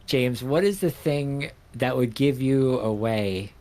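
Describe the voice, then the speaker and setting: A man's voice: medium pitch, takes it slowly, a little mellow. A man from New York hosting a casual livestream, asking questions in a rambling, enthusiastic way.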